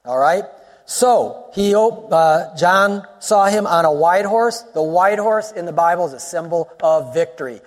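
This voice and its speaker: A man preaching a sermon as a pastor, in an animated teaching style with quick asides and rising exclamations. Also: sits high, big-room sound.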